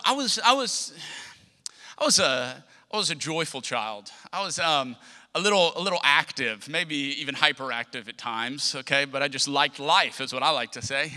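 A young man preaching a sermon in a church, telling humorous personal stories in an animated way. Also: on the high side. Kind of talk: storytelling sermon. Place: church sanctuary. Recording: long church hall reverb.

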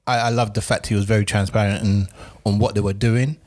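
A man on a podcast, giving measured, thoughtful opinions in casual talk. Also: on the low side, flat delivery, a little mellow. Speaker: podcast co-host.

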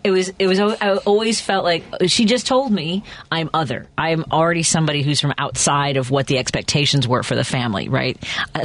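A middle-aged woman guest-hosting a radio talk show, chatting casually and telling stories. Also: deep voice. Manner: storytelling, animated in quotes.

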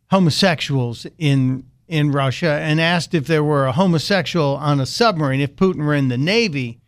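A man hosting a radio talk show, delivering a mocking political commentary monologue with some stumbles. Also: a little high. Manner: sarcastic, mocking.

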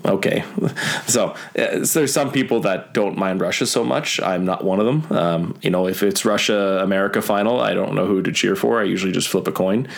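A young Canadian man telling stories in a casual chat, rambling with many fillers and the odd swear word. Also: lowish voice. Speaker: guest.

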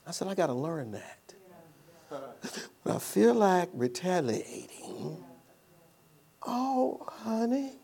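Man, pastor, sermon, high-pitched, storytelling delivery. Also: animated, slow, creaky, long pauses, mellow. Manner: preaching with call-and-response, storytelling, laughing at times.

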